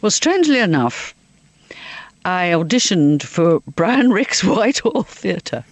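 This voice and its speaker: A woman's voice: on the low side, very animated, takes it slowly, dry recording. A woman from Liverpool, a guest in an interview, telling comic anecdotes and laughing often as she talks. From Liverpool, England. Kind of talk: anecdotal storytelling.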